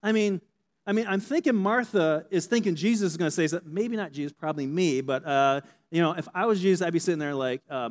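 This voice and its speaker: A man preaching a sermon with a slightly high voice, talking in a loose, conversational way. He keeps checking in with his listeners with a quick "okay?" and acts out little scenes as he goes. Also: lively intonation. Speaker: pastor.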